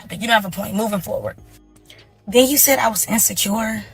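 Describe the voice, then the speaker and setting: A woman's voice: medium pitch, a little fast, breathy edge, soft background music. A woman, a reality show cast member, giving a blunt, mocking confessional rant full of insults.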